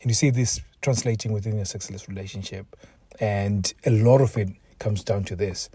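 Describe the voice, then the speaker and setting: A man's voice: on the low side, fairly even intonation, normal speed, mellow, slightly rough, dry recording. A man hosting a solo podcast and talking earnestly. He sounds emotionally drained and often repeats words and restarts sentences. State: mentally exhausted, emotional. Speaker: podcast host, relationship coach.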